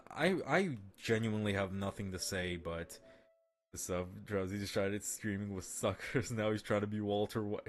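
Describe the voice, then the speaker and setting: Male streamer, slightly low voice, casual rambling chat full of fillers, swearing and self-amused laughter. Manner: rambling and profane, with many fillers and restarts; laughs often at his own jokes.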